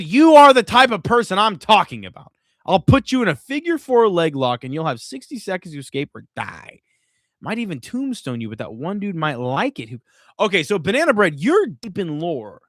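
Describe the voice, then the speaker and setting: A man's voice: high voice, dry recording, studio quality. A man hosting a casual live stream from home, swearing freely and a little drunk as he rants. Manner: profane, animated ranting. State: tipsy from drinking. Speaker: streamer host.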